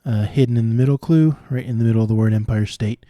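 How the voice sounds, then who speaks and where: A man solving cryptic crossword clues out loud, thinking through each one and explaining the wordplay as he goes. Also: mid-range voice, steady tone, fast talker, dry recording. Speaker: puzzle solver.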